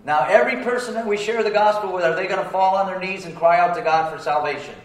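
A pastor with a high voice preaches fast, using plain, colloquial speech and drawing call-and-response amens from his congregation. The sound is roomy, as he stands at a distance from the microphone.

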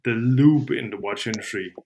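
Podcast guy, keeps restarting sentences, laughs all the time, average pitch. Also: normal speed, a little mellow, slight background noise. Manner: stammering restarts, laughs often. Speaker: podcast co-host. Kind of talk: casual chat.

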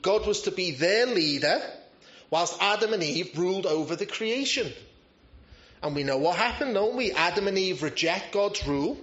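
High-voiced preacher, conversational. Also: male voice, fairly bright tone. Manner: conversational, self-deprecating humor. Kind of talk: sermon. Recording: roomy, slightly dull church recording.

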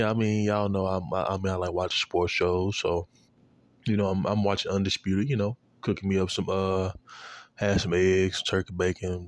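A man's voice: low voice, no room sound. A young man vlogging, telling a rambling story in loose, profane slang full of fillers.

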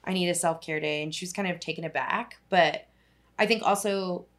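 Chatty young woman with a lowish voice. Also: a little fast. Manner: rambling storytelling, heavy use of "like", casual swearing. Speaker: social worker telling a story. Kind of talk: casual podcast chat.

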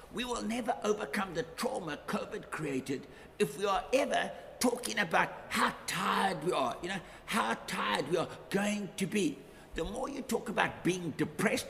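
A man's voice: high-pitched, vocal fry, bright, forceful tone, slight background noise. A middle-aged man preaching a sermon as pastor, emphatic, repeating key phrases with rising force. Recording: reverberant hall, faint ambience.

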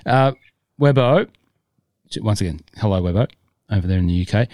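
Low mellow-voiced guy co-hosting a podcast, rambly and jokey. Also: animated, normal speed, long pauses, dry recording. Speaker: podcast co-host. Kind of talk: casual chat.

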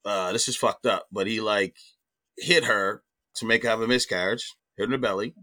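A middle-aged man, a comedian guest, telling a personal story in animated, profane casual talk. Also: on the low side, brisk, slight background noise.

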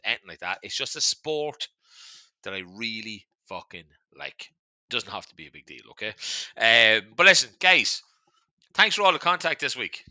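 A man's voice: on the low side, bright, forceful tone, dry recording, poor audio. A man with an Irish accent hosting a podcast in casual chat, chatty and swearing freely while he keeps turning to his listeners. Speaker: podcast host.

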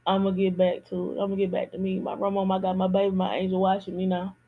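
A woman's voice: medium pitch, completely flat delivery, quick pace, phone-quality sound. A woman hosting a podcast, talking candidly in a casual personal monologue and repeating phrases for emphasis. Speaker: podcast host.

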